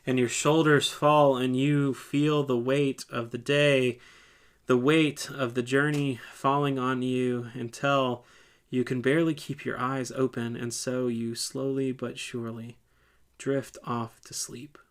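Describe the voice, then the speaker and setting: A man at a church, slowly guiding listeners through a scripture meditation in the second person. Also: mid-range voice, level tone. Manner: slow, soft, second-person guiding with lingering pauses. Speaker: church speaker leading a meditation.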